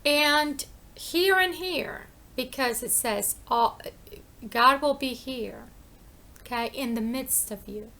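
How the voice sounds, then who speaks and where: A woman's voice: sits high, slow pace, pushed and bright. A woman preaching an informal sermon, emphatic and conversational, asking questions and answering them herself and repeating phrases for effect.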